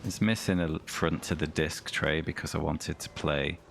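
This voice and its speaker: Gravelly low-voiced male streamer. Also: steady tone, normal speed, fairly bright tone, slight background noise. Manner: chatty, reads aloud and comments dryly. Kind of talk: casual chat while streaming a game.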